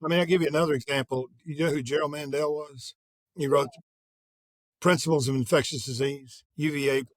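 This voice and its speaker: An older man with a fairly high voice, recorded dry and close. He tells lively anecdotes in a relaxed interview, acting out the dialogue as he goes. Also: fairly quick, no room sound. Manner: energetic anecdotes with quoted dialogue. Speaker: guest, sales executive. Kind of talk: conversational interview storytelling.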